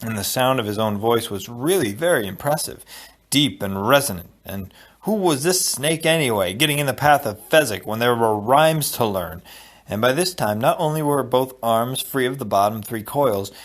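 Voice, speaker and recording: Guy reading an audiobook, expressive storyteller, mid pitched. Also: moderate pace. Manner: expressive storytelling, dropping low for asides. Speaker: audiobook reader. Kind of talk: audiobook narration.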